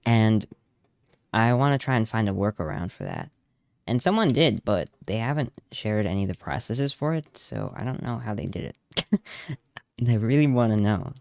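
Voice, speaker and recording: A man's voice: fairly low pitch, sing-song, moderate pace, vocal fry, a little mellow, dry recording. A young man streaming as a vtuber, chatting casually and telling rambling, self-amused stories while he draws at home on a close desk mic. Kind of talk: casual chat while drawing.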